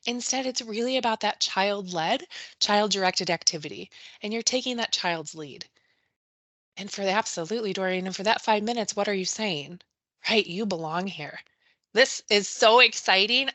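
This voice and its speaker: A woman with a medium-pitched, sharp voice presents a live webinar on early childhood education, with no echo in the audio. She often ends sentences with a questioning "right?", reads the chat, and addresses attendees by name.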